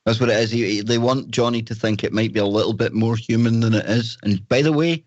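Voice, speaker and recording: A man's voice: mid-range voice, brisk, a little mellow, dry recording, highs cut off. A man from the north of Scotland with a Scottish accent, hosting a podcast in a joking, rambling chat. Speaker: host.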